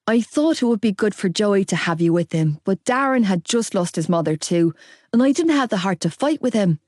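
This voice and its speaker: A calm, caring middle-aged woman in an audiobook, gentle and measured, as a female narrator reads her. The voice is mellow and dry. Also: medium pitch, no room sound, natural voice. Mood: gentle concern.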